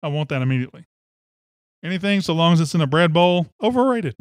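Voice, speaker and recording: A man's voice: fairly high pitch, fast talker, smooth, no echo, clean studio sound. A man hosting sports talk radio, fired up and opinionated, rambling from one take to the next.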